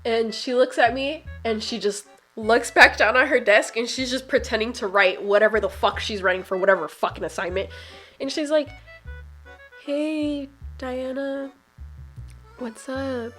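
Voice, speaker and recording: A young woman telling a story casually, swearing a lot, her voice climbing higher whenever she gets heated. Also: fairly quick, faint music behind. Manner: profane, animated, voice climbs when heated. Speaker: vlogger.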